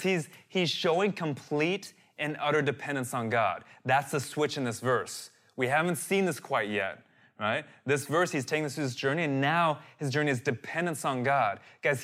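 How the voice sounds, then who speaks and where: A man preaching a sermon, animated and direct, reading out scripture and calling his listeners "guys". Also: mid-range voice. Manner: reads and dramatizes scripture verses. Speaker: pastor.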